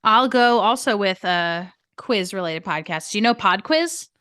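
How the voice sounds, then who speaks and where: A woman's voice: mid-range voice, animated, a little slow, a bit bright, clear, resonant tone, no room sound, clean studio sound. A woman from the United States, a podcast guest, chatting in an upbeat way. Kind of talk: casual podcast chat.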